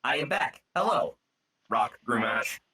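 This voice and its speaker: A man voicing a formal, stiffly polite male robot with a husky voice. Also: medium pitch, animated, unhurried, pushed and bright, full character voice, poor audio. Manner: stiff, overly formal diction.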